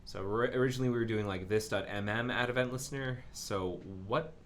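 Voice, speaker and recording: A man hosts a live coding stream, musing and narrating to himself as he works through code, with lots of ums. His mid-range voice is fast and a touch bright, over slight background noise.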